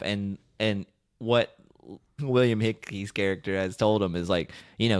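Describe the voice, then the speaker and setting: A man's voice: on the low side, fairly even intonation, unhurried, smooth, no echo, clean studio sound. A man co-hosting a podcast, casually retelling a film's scenes and laughing often. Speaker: podcast co-host. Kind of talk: casual chat.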